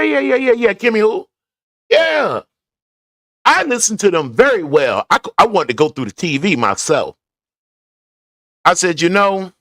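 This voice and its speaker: This vlogger, a man in a garage, gives rambling, conversational commentary to viewers about his drive to work. He has a mid-range voice that sounds pushed and bright, captured in studio quality with no room sound.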